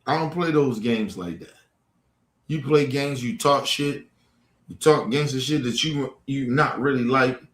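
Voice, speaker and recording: A livestream host confronts trolls in his chat with a heated, profane rant. His medium-pitched voice is a bit bright and keeps a measured pace, and the room he records in is echoey.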